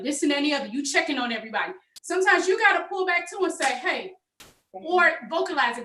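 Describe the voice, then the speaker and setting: A woman's voice: high voice, lively intonation, quick pace, bright, forceful tone, distant mic, a little hiss or hum. A woman giving encouraging advice in a casual chat, heard on a video call. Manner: encouraging, quotes friends aloud. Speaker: co-host. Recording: echoey room, away from the mic.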